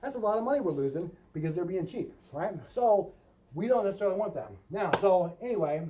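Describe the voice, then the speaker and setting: A man's voice: sits high, expressive, brisk, dark tone, slight background noise, poor audio. A man coaching roofing salespeople in a vlog, talking emphatically and often checking in with the viewer by asking "right?". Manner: emphatic coaching, role-plays customer and salesman lines. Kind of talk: instructional vlog.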